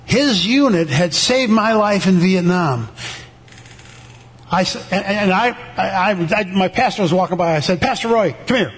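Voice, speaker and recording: An older man with a notably high voice tells his church testimony. He stumbles, restarts and repeats words, then slips into the voices of the people he is describing. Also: a little slow. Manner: animated, acts out the voices of people in his story. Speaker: veteran giving a testimony.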